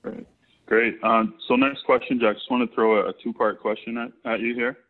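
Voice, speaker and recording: A man's voice: mid-range voice, level tone, brisk, phone-quality sound. A man co-hosting an interview, asking plain questions with short replies. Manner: brief acknowledgments, plain questions. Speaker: podcast co-host. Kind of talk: casual interview.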